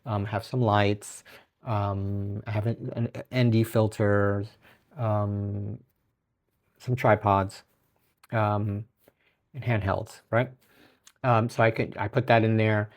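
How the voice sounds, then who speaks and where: A man's voice: lowish voice, flat delivery, slow pace, pauses often. A man hosting his own podcast, talking in a loose, rambling way with frequent restarts, laughs and casual swearing. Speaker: podcast host. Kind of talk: casual solo podcast monologue.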